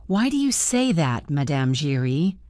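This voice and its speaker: A woman voicing a weary, calm middle-aged male theatre director who speaks tiredly and placatingly. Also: low voice, measured pace, no echo, studio quality.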